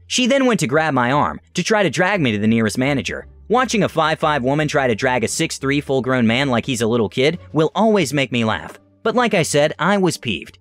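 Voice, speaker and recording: A man doing scripted narration of reader stories in an animated way, with dramatic asides. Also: mid-range voice, brisk, hardly any pauses, dry recording. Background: faint background music.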